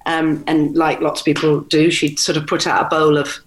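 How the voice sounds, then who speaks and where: A woman's voice: deep voice, little pitch movement, moderate pace, low-quality recording. A middle-aged woman speaking as an interview guest, telling stories candidly and mimicking quotes with animation. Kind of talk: conversational interview.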